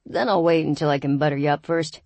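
A woman's voice: fairly even intonation, fast, darkish tone, dry recording. A woman reading as a teasing young man. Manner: dry, laid-back teasing, turning low and terse. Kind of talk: audiobook character reading.

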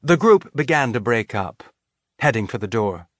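A man reading an audiobook in an even, measured narration. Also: medium pitch, no echo, studio quality. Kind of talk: scripted narration.

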